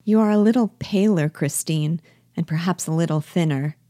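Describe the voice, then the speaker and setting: A woman reading the part of a lively, chattering young wife in a play, her lines rising high when excited. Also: normal speed, dry recording, studio quality, natural voice. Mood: eager.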